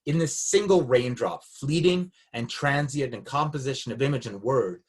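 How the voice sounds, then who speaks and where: A man giving an academic seminar talk, reading from his paper in a measured, reflective way. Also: medium pitch, slightly rough. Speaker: academic speaker. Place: Canada.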